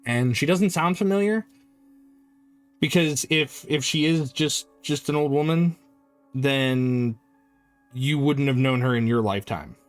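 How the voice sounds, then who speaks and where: A man's voice: medium pitch, a little slow, long pauses, soft background music. A man running a tabletop horror game as dungeon master, explaining the scene and repeating words as he goes.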